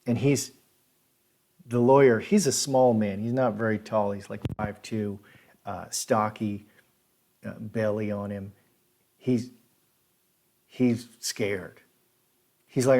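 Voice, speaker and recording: A man tells a story aloud in a loose, rambling way, circling back and restarting his sentences as he goes. His voice sits at an ordinary middle pitch, and his delivery is plain and conversational. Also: fairly even intonation, a little mellow. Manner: rambling, repetitive, halting restarts. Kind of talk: casual spoken recollection.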